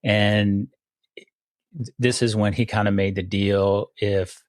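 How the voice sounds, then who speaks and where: A man co-hosting a casual chat podcast, recounting scenes haltingly with many pauses and restarts. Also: lowish voice, flat delivery, no echo. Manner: halting, with many fillers and restarts, then quoting characters. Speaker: podcast co-host.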